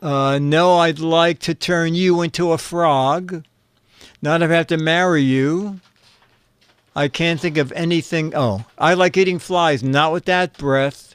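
Slow, fumbling male show host. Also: fairly high pitch, fairly even intonation, clear, resonant tone, no echo. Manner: slow and fumbling, searching his papers aloud; chuckles at the jokes he reads. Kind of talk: casual streamed chat, reading viewer answers.

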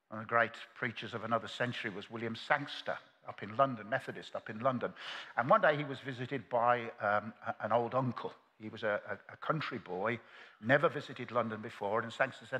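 An older man preaching a sermon at a convention, earnest and moving between loud climaxes and hushed quiet. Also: fairly high pitch, lively intonation, fairly quick, long reverb tail. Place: large convention hall.

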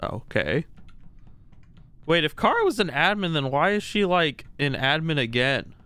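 A man's voice: on the high side, big pitch swings, a little slow, sharp tone, smooth. A man streaming a game live, talking to his viewers and teammates in a playful, mock-boastful, chatty way.

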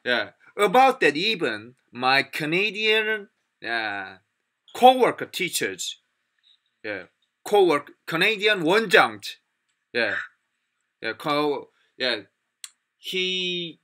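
A man with a Korean accent teaching English pronunciation in a casual spoken lesson, halting with many fillers and restarts. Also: on the high side, big pitch swings, sharp tone.

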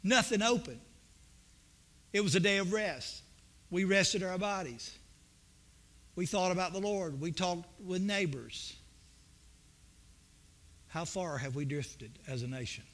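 A man's voice: sits high, animated, takes it slowly, long pauses, fairly bright tone. A male pastor preaching a sermon in a church, telling folksy stories and building to emphatic points. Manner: folksy, storytelling preacher with rising emphatic bursts. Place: church sanctuary.

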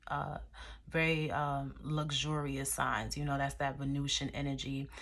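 Low-voiced young woman chatting casually. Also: level tone, unhurried, a bit bright. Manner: chatty, laughing, swears casually. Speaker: tarot reader. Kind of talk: casual chat, tarot reading. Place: dim room indoors. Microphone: phone camera.

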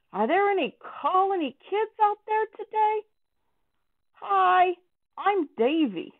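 A woman's voice: very high-pitched, full character voice. A woman voicing a friendly, chatty young boy puppet who cheerfully coaxes the children. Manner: cheerful, coaxing, talks straight to children. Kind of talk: children's church puppet talk. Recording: tinny, phone-like sound.

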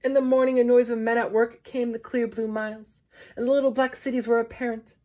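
A woman giving a measured poetry reading, with slow, deliberate phrasing and long pauses. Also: fairly high pitch, flat delivery, mellow. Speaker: poetry reader.

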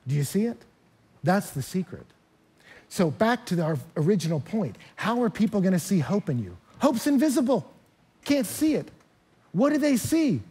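A man preaching to a church with a husky, slightly high voice. He talks emphatically, his voice jumping up and getting loud when he hammers a point home. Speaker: pastor. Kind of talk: sermon. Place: church hall.

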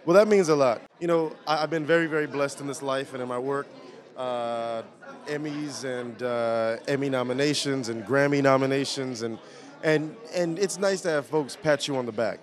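A man giving an animated red carpet interview at an outdoor event, often repeating words as he tells stories. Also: mid-range voice, moderate pace. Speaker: award honoree.

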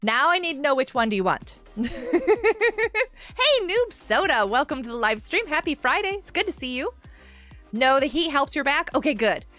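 A woman's voice: high-pitched, sing-song, normal speed, fairly bright tone, faint music behind. A woman hosting a live game stream, bubbly and gushing as she greets viewers in chat by name.

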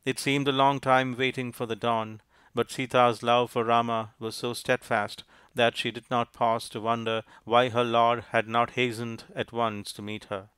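A man narrating a storybook in a measured, even reading. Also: medium pitch, clear, resonant tone, no echo. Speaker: audiobook narrator.

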